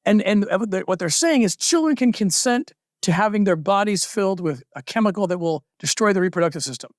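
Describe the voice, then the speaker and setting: A man gives an impassioned interview with a fairly high voice. He talks fast and presses hard on his points, and the sound is dry and close. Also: expressive, dry recording. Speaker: interview guest.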